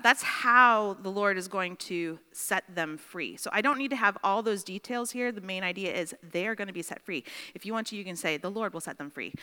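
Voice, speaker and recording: Bright-voiced woman teaching a class. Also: medium pitch, smooth, big-room sound. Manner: chatty, checks in with "right?". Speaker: Bible study teacher.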